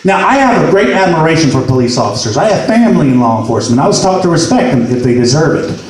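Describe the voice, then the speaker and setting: A man doing stand-up, telling profane true-life stories in an animated way and rising to shouted punchlines. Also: a little high, fast, crowd noise. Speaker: stand-up comedian. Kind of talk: stand-up storytelling. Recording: echoey room, mic from far off.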